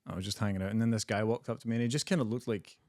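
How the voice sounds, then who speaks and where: Comedian telling a story. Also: male voice, fairly low pitch, racing, dry recording, clean studio sound. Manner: animated, laughing, swearing, acts out quotes. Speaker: comedian guest. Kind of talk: casual podcast storytelling.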